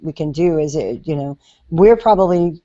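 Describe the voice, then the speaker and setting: A woman with a lowish voice hosts a podcast in casual chat, rambling and stopping often for fillers. The recording sounds dull and lo-fi. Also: normal speed, mellow. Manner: chatty, hesitant with many fillers. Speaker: podcast host.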